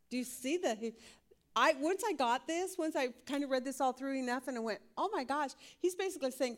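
Woman Bible teacher, higher voice, lively and questioning, laughs readily. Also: moderate pace. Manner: lively, laughs often, asks the class questions.

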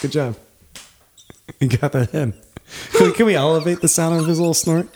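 A man's voice: a little high, moderate pace, a little mellow, slight background noise. A man co-hosting a casual podcast with friends, wry and self-deprecating as he joins in the jokes. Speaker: podcast co-host. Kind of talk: joking banter.

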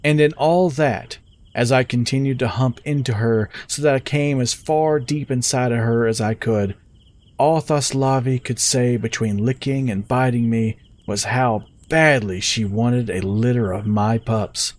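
A man telling a story in the first person with steady, measured scripted narration. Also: mid-range voice.

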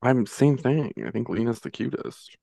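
A man's voice: medium pitch, expressive, normal speed, vocal fry, dark tone, no echo. A man chatting as a guest on a podcast, hesitant and understated with a dry humor. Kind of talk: casual chat.

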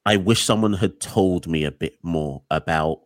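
Deep-voiced male podcast host, dry sound. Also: a little slow, no echo. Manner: searching for words, restarts questions, thinks aloud. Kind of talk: conversational interview.

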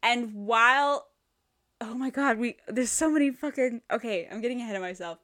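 A woman's voice: a little high, moderate pace, a bit bright. Sweary, rambling woman reviewing movies. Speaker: podcast co-host. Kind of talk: casual movie review chat.

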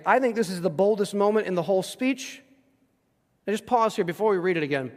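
A man with a strikingly high voice preaches a verse-by-verse sermon. He is animated and emphatic, pressing rhetorical questions on his listeners and acting out the voices of the figures he describes. His voice rings out with the long reverb of a large hall. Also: fairly quick. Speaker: pastor. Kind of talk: expository sermon.

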